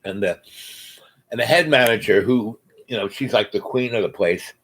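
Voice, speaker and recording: A man with a lowish, somewhat bright voice talks to his viewers at a normal speed, with a little hiss or hum in the recording. This vlogger's casual monologue wanders through a story full of fillers and restarts, and he often laughs mid-sentence.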